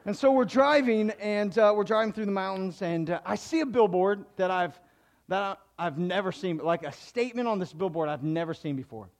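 High-voiced man preaching a sermon. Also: normal speed. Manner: conversational, self-deprecating, builds to emphatic preaching. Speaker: pastor.

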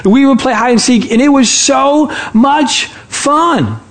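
Playful, high-voiced man preaching. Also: slow, a bit bright, echoey room. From Michigan, US. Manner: playful, chatty, teasing the congregation. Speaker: pastor. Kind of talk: sermon. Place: church sanctuary.

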